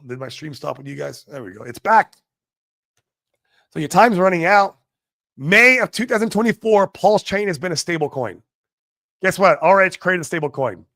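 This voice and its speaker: A man hosting a casual livestream, talking brashly and excitedly, swearing and answering viewers in the chat. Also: sits high, no room sound, clean studio sound. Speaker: livestream host.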